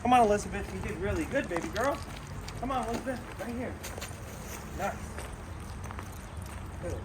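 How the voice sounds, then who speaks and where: Recorded outdoors against steady background noise, a male dog trainer with a slightly high-pitched voice blends upbeat praise with calm, instructive explanation. He speaks at a normal speed.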